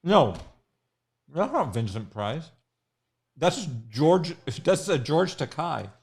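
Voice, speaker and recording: A man's voice: on the high side, big pitch swings, takes it slowly, creaky. A man hosting a live sketch stream, joking around and mocking himself in casual banter. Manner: joking, self-mocking, playful. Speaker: livestream host sketching live.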